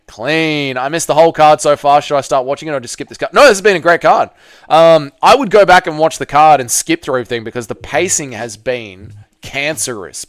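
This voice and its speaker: A man's voice: a little high, clear, resonant tone, no room sound, studio quality. A man hosting a live fight watch-along stream, bantering with his chat in a casual, profane way.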